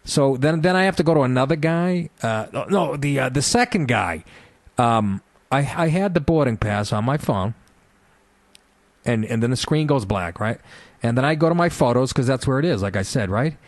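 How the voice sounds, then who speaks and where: A middle-aged radio show talker with an expressive, medium-pitched voice tells rambling, profane anecdotes at a moderate pace, often laughing as he talks. It's casual storytelling on talk radio, with no room sound.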